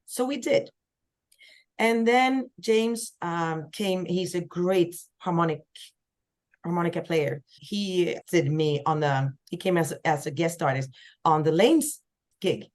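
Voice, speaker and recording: Animated woman telling stories. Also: a little slow. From Sweden. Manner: lively storyteller, acts out quoted voices with big pitch jumps. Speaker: singer-songwriter guest. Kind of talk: casual podcast chat.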